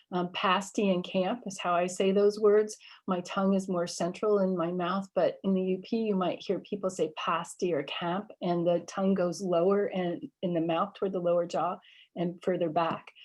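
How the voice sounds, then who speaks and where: A woman's voice: fairly low pitch, darkish tone. A woman professor giving a recorded library lecture on dialect features, explaining patiently with many ums and small self-corrections. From Michigan. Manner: explanatory, frequent fillers, apologizes while losing place. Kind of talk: lecture with slides.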